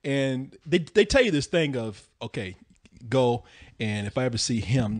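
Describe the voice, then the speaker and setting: A man's voice: medium pitch, animated, a little fast. A man with a Texan accent telling a funny story in a casual podcast chat, laughing often. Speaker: podcast co-host.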